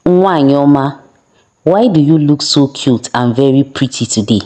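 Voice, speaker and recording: A woman's voice: extremely low pitch, lively intonation, a little slow, mellow. A woman voicing a lustful, arrogant young prince who talks down in a leering, domineering way.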